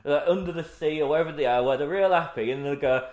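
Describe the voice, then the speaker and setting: A man's voice: a little high, fast, a little mellow. A man chatting casually as a podcast co-host, rambling and slipping into silly voices to quote films. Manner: rambling, quoting film lines in silly voices. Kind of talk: casual chat. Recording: roomy echoey room.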